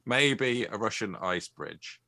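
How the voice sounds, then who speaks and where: A man's voice: fairly low pitch, expressive, slow pace, creaky, sharp tone, no echo. A man co-hosting a podcast, in playful, rambling comic banter and laughing often. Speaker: podcast co-host. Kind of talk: casual comedic banter.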